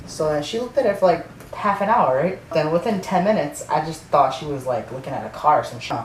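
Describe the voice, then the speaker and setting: A man's voice: on the high side, animated, brisk, hardly any pauses. A man telling a storytime rant for his vlog, rambling and swearing, full of filler words and restarts. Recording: echoey room, distant mic, faint noise.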